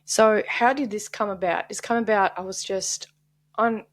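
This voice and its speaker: A woman's voice: medium pitch, steady tone, moderate pace, no room sound. A woman hosting a podcast, talking earnestly and confessionally on her own, sometimes dropping to a whisper. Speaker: podcast host. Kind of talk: candid solo podcast monologue.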